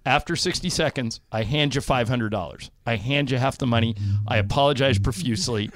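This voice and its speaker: A man's voice: mid-range voice, fairly quick. A man hosting a radio show, telling stories in casual banter, laughing often and acting out what people said. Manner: animated storyteller, laughs often, acts out quotes.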